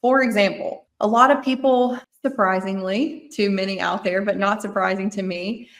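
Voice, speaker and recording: A woman's voice: medium pitch, fairly even intonation, moderate pace. A woman with a Mississippi accent, an attorney on a podcast, explaining estate planning in an earnest, thorough way and often restating her points.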